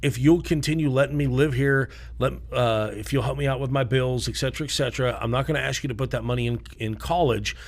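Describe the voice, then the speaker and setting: A man's voice: mid-range voice, fast, few pauses. A man co-hosting a podcast, giving advice in a casual discussion and checking in with his listeners as he goes. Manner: emphatic, checks in with "okay?". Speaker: podcast co-host.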